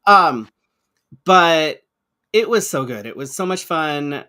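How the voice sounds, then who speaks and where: A man's voice: a little high, expressive, slow pace, bright, forceful tone. A man co-hosting a podcast, chatting casually with frequent restarts and casual swearing. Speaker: co-host. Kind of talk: casual chat.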